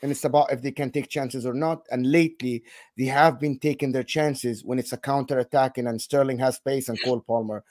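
A man giving calm, methodical football match analysis as a fan pundit, repeating his key point. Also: mid-range voice, a little fast, no room sound, studio quality.

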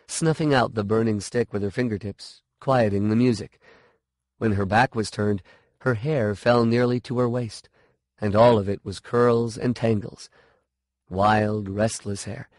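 A man narrating a fantasy short story in a slow, measured reading. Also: fairly low pitch, a little mellow, dry recording, studio quality.

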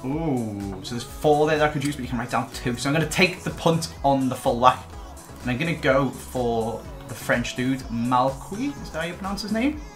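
Guy ribbing his mate while picking players, mid pitch, faint music underneath. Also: animated, moderate pace. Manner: teasing, joking banter. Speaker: guest YouTuber. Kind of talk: casual gaming commentary.

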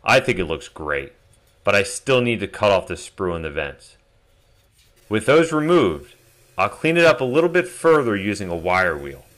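A man calmly narrating a step-by-step metal casting tutorial as a voice-over. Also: fairly low pitch, moderate pace. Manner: calm step-by-step explaining. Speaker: DIY metal casting channel host.

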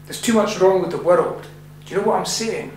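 A man voicing a brooding Scottish war veteran who speaks in a low, intense, confiding way, read in an echoey room. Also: brisk, a little mellow. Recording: echoey room with faint hum.

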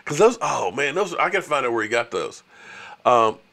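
A man's voice: medium pitch, very animated, moderate pace, creaky, fairly bright tone. A man hosting a casual sports livestream, chatting with viewers and ranting at rival fans. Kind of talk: casual live-stream chat with viewers.

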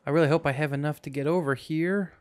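A man's voice: a little high, fairly even intonation, fast. A man hosting a casual let's-play, talking through his game in a goofy, rambling way with jokes to himself, sleepy and yawning. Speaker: gaming channel host.

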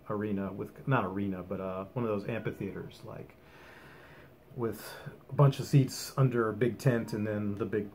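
A man's voice: lowish voice, darkish tone, slight background noise. A man giving a casual, rambling album review at home, enthusiastic and full of ums and restarts. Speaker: music vlogger.

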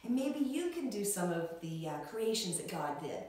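A middle-aged woman teaching a Sunday school lesson to young children, with an animated, sing-song way of talking. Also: medium pitch, normal speed. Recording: echoey room, from far off.

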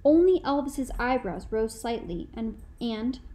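A woman narrating a first-person novel in a measured, reflective storytelling manner. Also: a little high, expressive, dark tone, poor audio. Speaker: audiobook narrator.

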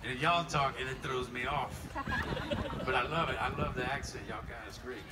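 A man with a Louisiana Southern accent, a blues musician joking with the crowd from an outdoor festival stage in a relaxed drawl. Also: medium pitch, a little fast, very noisy. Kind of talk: stage banter between songs. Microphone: stage vocal mic. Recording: live concert, loud band music. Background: loud live band music.

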